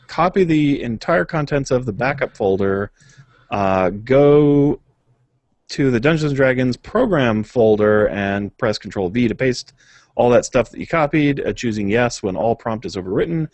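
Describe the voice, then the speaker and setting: A man co-hosting a podcast reads through patch notes in a casual way, stopping for uhs and little laughs. His voice sits at an ordinary middle pitch. The recording is dry and close, with no room sound. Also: animated, normal speed, darkish tone, no room sound. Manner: reads notes aloud with many filler uhs and chuckles. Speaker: podcast co-host.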